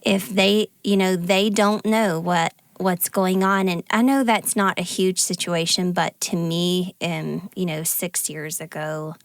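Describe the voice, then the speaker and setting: A woman's voice: fairly low pitch, steady tone, unhurried, few pauses, dry recording. A woman co-hosting a podcast, telling personal stories in a casual, chatty way with many fillers. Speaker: podcast co-host. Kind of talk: casual conversation.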